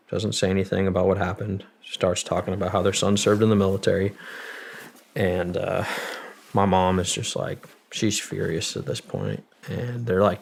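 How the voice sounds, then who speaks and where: A young man with a deep voice tells a story in a relaxed, cursing, filler-heavy way. His tone is gravelly and husky, with a rough edge on every line. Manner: profane, loose delivery full of "like" fillers. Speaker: podcast guest, Marine veteran. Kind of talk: casual storytelling.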